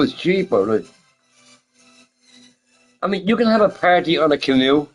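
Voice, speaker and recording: Lively, swearing man ranting casually. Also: fairly high pitch, normal speed, pauses often, faint music behind, rough recording. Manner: profane, laughing often, animated rhetorical questions. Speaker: gaming streamer chatting with viewers. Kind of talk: casual rambling chat.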